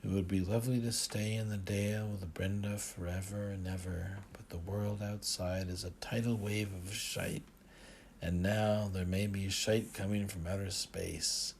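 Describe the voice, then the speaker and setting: A man reading a first-person science fiction audiobook in a measured, dry storytelling manner. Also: low voice, level tone, gravelly, a little mellow, a little hiss or hum. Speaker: audiobook narrator. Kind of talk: first-person scripted narration.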